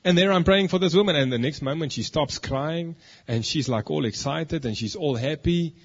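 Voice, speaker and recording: Husky preacher telling his story. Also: on the high side, moderate pace, dull audio. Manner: storytelling, swings from hushed to emphatic. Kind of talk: sermon testimony.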